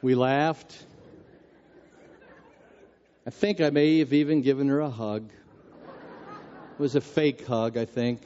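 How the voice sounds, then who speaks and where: An older man preaching a sermon, telling a story in a lively, self-mocking way. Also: mid-range voice, slow pace, pauses often, highs cut off, some chatter behind, a little hiss or hum.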